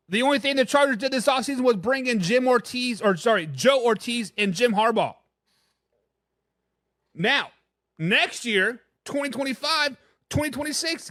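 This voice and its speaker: A man's voice: high-pitched, no room sound, studio quality. A man hosting a live sports talk stream, giving blunt opinions and answering viewers in the chat, sometimes tripping over his words. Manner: stumbles and repeats words when excited. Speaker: sports talk show host.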